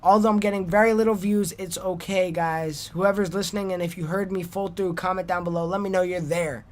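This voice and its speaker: A man's voice: high-pitched, steady tone, a little fast. Rambling young man hosting a solo podcast. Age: young adult. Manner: rambling and self-deprecating, trailing off in restarts. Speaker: podcast host. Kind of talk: solo wrestling podcast monologue.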